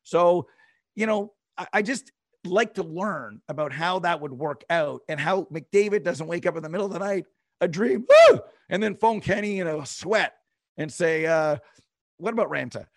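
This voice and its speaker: High-voiced man, dry close sound. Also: moderate pace, dry recording. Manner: rambling, stop-start. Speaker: podcast co-host. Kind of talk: casual sports chat.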